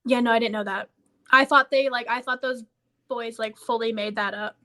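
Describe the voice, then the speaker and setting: A young woman chatting as a podcast co-host, her voice bright and sharp and pitched a bit high. She tells stories in a gushy, animated way. "Like" and "literally" come up in nearly every sentence. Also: normal speed. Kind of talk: casual chat.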